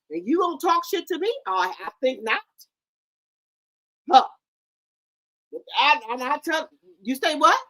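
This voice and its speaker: A woman rants into her livestream in a high, piercing voice, loud, confrontational and full of profanity. She stammers over repeated words and keeps firing off rhetorical questions, her tone staying sharp and bright.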